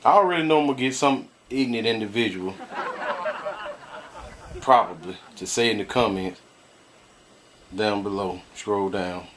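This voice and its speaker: A man's voice: on the low side, normal speed, long pauses, fairly bright tone, a little hiss or hum. A married man vlogging, ranting bluntly to his viewers and laughing often as he complains. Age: adult, married. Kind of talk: casual ranting commentary.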